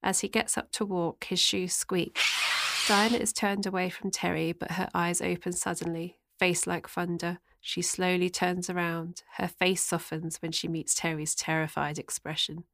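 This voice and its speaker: Low, gravelly woman narrating a drama. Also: flat delivery, normal speed, fairly bright tone, no echo. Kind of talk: audio drama narration with screen directions.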